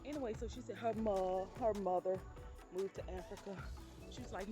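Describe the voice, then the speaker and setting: Woman vlogger, chatty storytelling, calls listeners honey, middle pitch, music playing behind. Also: brisk. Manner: acts out quoted exclamations with laughter. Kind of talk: casual storytelling.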